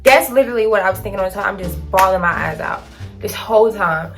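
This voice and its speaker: An eighteen-year-old woman vlogger telling a dramatic storytime to her phone camera, animated and full of slang. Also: mid-range voice, quick pace, soft background music.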